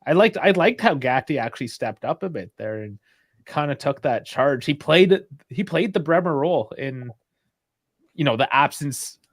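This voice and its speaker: A man co-hosting a casual football watch-along, giving easygoing, measured takes. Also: a little high, lively intonation, no echo. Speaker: co-host of a football show.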